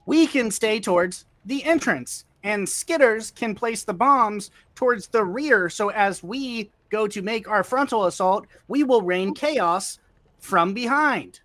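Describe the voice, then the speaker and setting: Brief: a man doing a high-voiced warforged construct, stiff and formal. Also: lively intonation, slow, fairly bright tone, no room sound, exaggerated voice. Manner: stiff, precise, formal phrasing.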